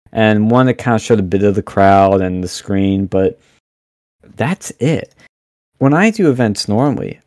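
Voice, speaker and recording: A young man talking as a podcast guest, animated and blunt, rambling with lots of fillers over a remote mic. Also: on the low side, dry recording, studio quality. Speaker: podcast guest, campus event organizer. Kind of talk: casual podcast interview.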